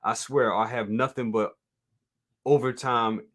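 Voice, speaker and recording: A toy review show host speaks a little slowly in a steady, mid-range voice with a bit of brightness. During his live stream he chats casually, reads viewer comments aloud, talks straight to his audience, laughs easily and repeats himself a lot.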